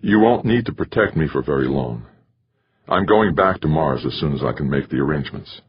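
A man's voice: extremely low pitch, expressive, fairly quick, husky, full character voice. A man voicing a shaken, angry male scientist who leads a Mars program, speaking bluntly and bitterly. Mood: resolute. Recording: muffled lo-fi recording.

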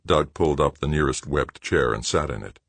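A man narrating a novel as an audiobook in measured storytelling. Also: a bass voice, vocal fry, no echo. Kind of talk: scripted narration.

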